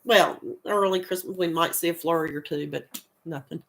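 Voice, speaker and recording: A woman's voice: on the low side, moderate pace, creaky, fairly bright tone. A middle-aged woman with a rural American accent, hosting a casual crafting live stream while fighting a cold, chatting, laughing often and greeting viewers by name. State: has a cold, coughing. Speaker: crochet channel host.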